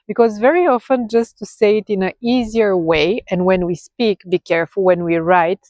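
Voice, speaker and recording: A woman with a Bulgarian accent walks learners through a casual language lesson at a middle pitch. She keeps asking "okay?" and slows down to repeat key words. The sound is dry, with no room echo. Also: fairly even intonation, darkish tone. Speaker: language teacher.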